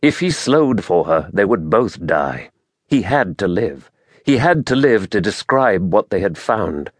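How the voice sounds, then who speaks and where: A man narrating a fantasy audiobook in a measured, dramatic storytelling manner, recorded close to the mic. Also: lowish voice, sing-song, no room sound.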